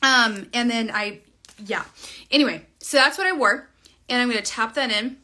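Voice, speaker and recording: Young woman, bright and a bit high-voiced, rambling casual makeup tutorial. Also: normal speed. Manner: chatty, rambling, trails off mid-sentence. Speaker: makeup vlogger.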